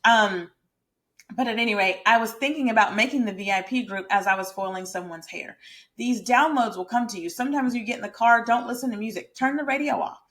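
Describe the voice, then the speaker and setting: A woman with a fairly high, brisk, somewhat bright voice chats emphatically to her viewers. She's a lifestyle and mindset creator who also works as a hairstylist, speaking straight to camera in a casual, motivational way.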